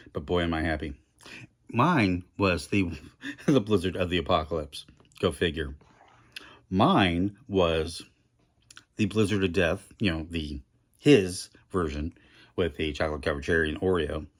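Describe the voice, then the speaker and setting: A middle-aged man rambling through a casual food review vlog, chatty and self-deprecating, talking with his mouth full. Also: low-pitched.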